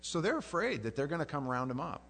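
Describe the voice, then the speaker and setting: A man preaching a sermon in a conversational, animated way, often restarting his sentences. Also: on the high side, fast, creaky, a little hiss or hum.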